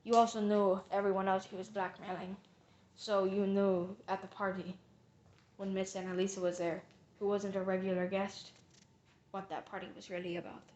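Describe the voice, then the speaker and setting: A woman's voice: medium pitch, flat delivery, moderate pace, a little mellow, dull audio, a little hiss or hum. A woman narrating a mystery reveal, theatrically accusing the culprit as she retraces the crime step by step.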